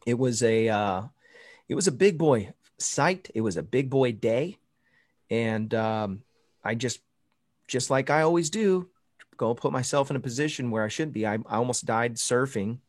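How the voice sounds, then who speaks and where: A man's voice: medium pitch, moderate pace, no echo. Chatty pastor guest, dry close sound, call audio, laughs through his anecdotes. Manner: storytelling, animated, laughs often. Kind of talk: casual chat over a video call. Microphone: video call.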